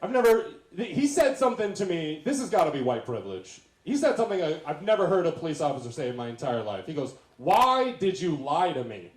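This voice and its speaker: A man telling a stand-up story on a live stage, his voice riding high and swinging widely as he acts out the other people in it. The room rings around him and an audience crowds the background. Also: quick pace, hardly any pauses. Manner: animated storytelling with self-deprecating asides and acted-out quotes. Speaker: guest comedian. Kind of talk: stand-up set. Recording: roomy venue sound with crowd.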